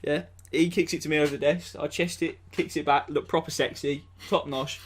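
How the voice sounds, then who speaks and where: A man's voice: fairly high pitch, fairly even intonation, fairly quick, breathy edge. A young man, chatting bluntly and swearing on a casual podcast. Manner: laid-back, sweary, blunt. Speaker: podcast co-host. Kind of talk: casual chat.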